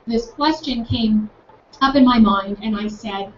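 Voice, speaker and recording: A woman's voice: fairly high pitch, unhurried. Enthusiastic woman telling a story, echoey. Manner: enthusiastic, animated, acts out both sides of the dialogue. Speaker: speaker recounting a campus conversation. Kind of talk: personal storytelling talk. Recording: echoey, distant, dull room sound with faint noise.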